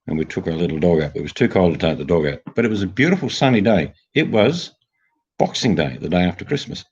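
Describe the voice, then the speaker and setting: A man's voice: low voice, lively intonation, quick pace, darkish tone, husky. An older man with an Australian accent, chatting casually and telling jokey stories to a livestream audience. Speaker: livestream host. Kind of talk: casual chat. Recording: dull lo-fi sound.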